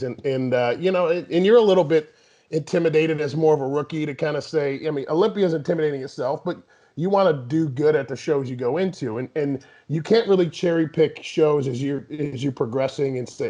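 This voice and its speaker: A man's voice: on the high side, fairly quick, darkish tone. A man in his thirties, a guest bodybuilder, talking casually and rambling with many restarts. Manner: rambling, frequent restarts and "you know". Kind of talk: casual interview talk. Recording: dull lo-fi sound.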